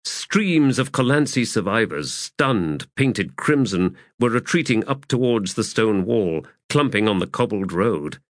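A man reading a war novel aloud as an audiobook narrator, in measured, steady storytelling. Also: fairly low pitch, no room sound, clean studio sound. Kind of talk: scripted narration.

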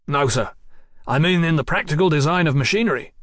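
A man's voice: on the high side, fairly quick, no echo, clean studio sound, pitched above the performer's own voice, natural voice. A man voicing a cheerful, practical male engineer in an audiobook, talking heartily. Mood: hearty.

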